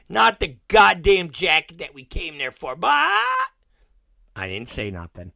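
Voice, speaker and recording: A man's voice: a little high, wildly swooping pitch, a little slow, vocal fry, sharp tone, no room sound. A middle-aged man hosting a podcast, telling a long profane family story and acting out every quote. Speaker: podcast host. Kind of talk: storytelling monologue.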